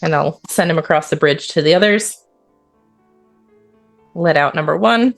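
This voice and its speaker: A woman's voice: low-pitched, moderate pace, creaky, faint music behind. A woman playing her character in a tabletop game, speaking directly and friendly. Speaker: player.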